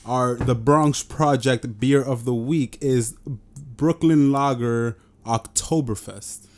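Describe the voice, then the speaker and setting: A man's voice: mid-range voice, slow, a little mellow, slight background noise. Joking, profane man co-hosting a podcast. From New York. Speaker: podcast co-host. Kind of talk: casual chat.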